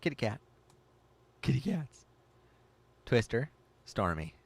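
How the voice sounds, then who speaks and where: An excitable man hosting a casual livestream, reading chat aloud and reacting with gasps. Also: mid-range voice, takes it slowly, slightly rough. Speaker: livestream host.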